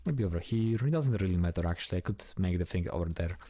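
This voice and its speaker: Brief: male gameplay streamer, low and warm tone, relaxed self-talk, casual swearing. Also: fast talker. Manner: chatty, talks to himself while building, swears casually.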